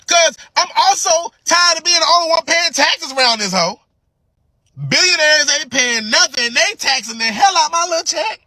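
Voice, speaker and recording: A man's voice: extremely high pitch, animated, normal speed, pushed and bright, no room sound, studio quality. A man ranting casually to camera in slangy, joking talk, laughing as he goes. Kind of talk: casual social media rant.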